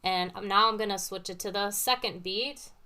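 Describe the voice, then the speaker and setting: A woman's voice: mid-range voice, normal speed. A woman teaching piano, patiently explaining with everyday comparisons between played examples. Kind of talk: casual teaching talk with demonstrations. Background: piano played between phrases.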